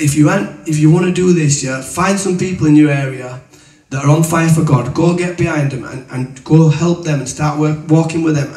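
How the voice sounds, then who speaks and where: A man preaches in a loose, colloquial storytelling way, his voice sitting a little high. He is heard from some distance off the mic. The room around him rings with echo. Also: darkish tone. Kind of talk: testimony and teaching. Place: room with an audience. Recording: echoey room, voice from away from the mic.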